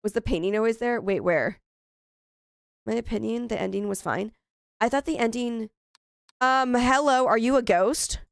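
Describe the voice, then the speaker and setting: Brief: woman gamer in her thirties, bright higher voice, chatty and exasperated, dry close mic. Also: normal speed, vocal fry, long pauses, smooth, no room sound. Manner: chatty, exclaims in frustration. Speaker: gaming streamer. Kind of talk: casual let's-play commentary.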